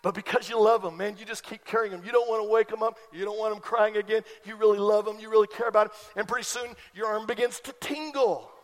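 A man preaching a sermon as a pastor, animated and emphatic, building to loud peaks. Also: high voice, quick pace, hardly any pauses. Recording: long reverb of a large hall.

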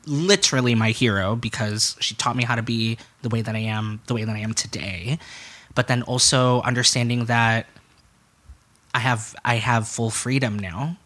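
A man's voice: medium pitch, fairly bright tone. A young man telling a personal story as a podcast guest, speaking frankly, swearing freely and acting out what other people said. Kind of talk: candid conversational storytelling.

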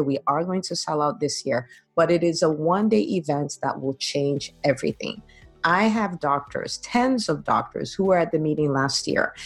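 A woman's voice: deep voice, slightly rough. A woman hosting a podcast as a business coach, talking in an upbeat, encouraging way and laughing often. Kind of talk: casual interview chat.

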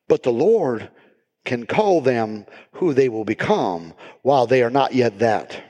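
A man preaching a sermon as pastor, building to shouted, repeated emphasis. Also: medium pitch, animated, measured pace. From United States. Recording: reverberant hall.

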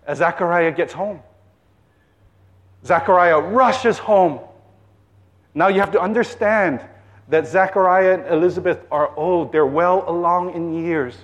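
High-voiced, unhurried male pastor. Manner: storytelling, playful. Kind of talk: sermon.

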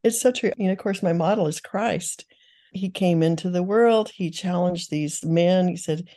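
A woman's voice: on the low side, moderate pace, dark tone. An older woman, a guest author, giving earnest, teaching answers in an interview, with frequent restarts.

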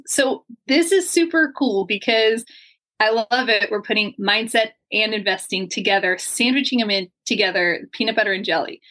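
A woman's voice: fairly high pitch, a bit bright. A woman hosting a podcast, talking in an upbeat, effusive and chatty way as she introduces her guest. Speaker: podcast host. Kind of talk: enthusiastic interview intro. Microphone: video call.

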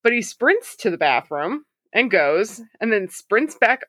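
A woman's voice: medium pitch, big pitch swings, unhurried, bright, forceful tone, breathy edge, no echo, clean studio sound. A woman hosting a podcast, reading listener stories aloud in a casual way, swearing freely and laughing often. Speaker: podcast host.

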